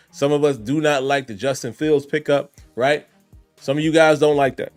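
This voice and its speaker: A man hosting a sports fan podcast, talking casually and directly to his listeners. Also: fairly high pitch. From Richmond. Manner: conversational, addresses listeners directly. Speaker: podcast host.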